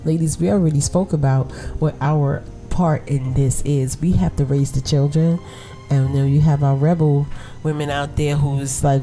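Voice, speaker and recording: A woman's voice: low-pitched, steady tone, moderate pace, warm tone, faint music behind. A woman in her forties with a Brooklyn accent, hosting a podcast and chatting casually to women listeners, often laughing and checking in with "right?". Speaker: podcast host.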